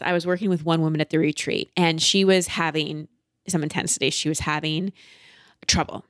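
A woman's voice: lowish voice, no echo, clean studio sound. A woman hosting a motivational self-help show, talking emphatically and repeating her key lines. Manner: emphatic and repetitive, animated delivery. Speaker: podcast host and coach.

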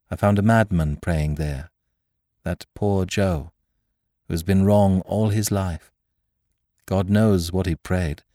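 A man voicing an excitable, nervous young curate who talks in trembling, feverish agitation. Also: low-pitched, no echo, clean studio sound.

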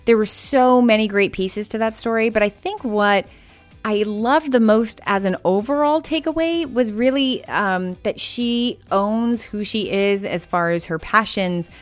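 A woman's voice: medium pitch, measured pace, no room sound, faint music behind. A woman hosting a business podcast, enthusiastic and given to fillers as she sums up the interview. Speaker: podcast host.

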